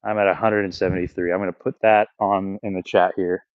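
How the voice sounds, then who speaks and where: Low-voiced man live-streaming axe throws. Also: flat delivery, a little fast, no room sound, highs cut off. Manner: counts throws aloud, swears, talks to chat. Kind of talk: live-stream commentary while throwing axes. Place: backyard outdoors.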